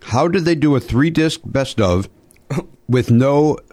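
A man hosting a casual podcast chat, animated and exclaiming, swearing in mock outrage. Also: medium pitch, slow pace. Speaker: podcast host.

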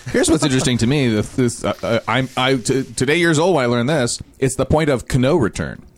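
A man chatting on a casual podcast, musing through his thoughts. He talks quickly at an average pitch. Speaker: podcast co-host. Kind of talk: casual chat.

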